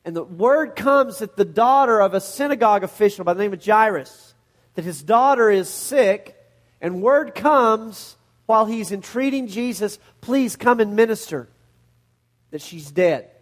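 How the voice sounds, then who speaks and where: High-voiced pastor telling Bible stories. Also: male voice, normal speed. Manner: animated storytelling, acts out Bible scenes in voices. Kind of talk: sermon.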